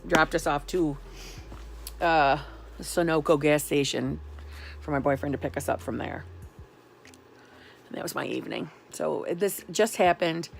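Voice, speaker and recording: Sarcastic woman venting, gravelly low voice. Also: a little hiss or hum. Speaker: vlogger. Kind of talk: sarcastic storytelling vlog.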